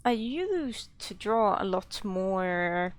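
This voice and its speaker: A woman's voice: mid-range voice, very animated, very slow, slight background noise. A woman streaming live, chatting casually with her viewers in a gushing, self-deprecating way.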